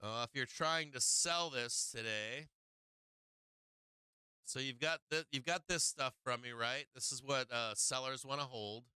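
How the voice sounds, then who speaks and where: A man's voice: mid-range voice, unhurried, clear, resonant tone, no room sound. A middle-aged man hosting a live stock market stream, chatting casually with viewers and swearing freely. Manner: excitable, swears freely, talks to chat. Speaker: stock market livestream host. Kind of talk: casual live trading commentary.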